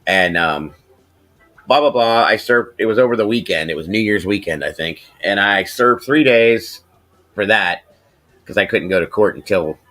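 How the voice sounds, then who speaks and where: A middle-aged man hosting a casual podcast, telling a rambling, profane story and getting animated when he quotes people. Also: fairly low pitch, moderate pace. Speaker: podcast host.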